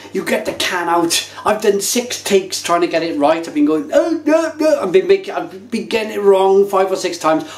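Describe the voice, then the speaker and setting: A man reviewing craft beer to camera, talking casually with animated enthusiasm. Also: sits high. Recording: echoey room.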